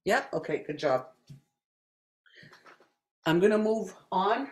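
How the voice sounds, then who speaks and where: A woman teaching a language class, saying each word several times slowly and clearly for learners. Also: medium pitch, lively intonation. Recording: echoey classroom.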